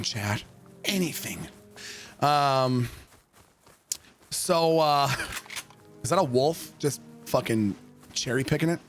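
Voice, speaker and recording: Young male streamer, high-pitched and animated, salty storyteller. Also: takes it slowly, pauses often, soft background music. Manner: animated, swears freely, acts out quotes. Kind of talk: casual storytelling while gaming.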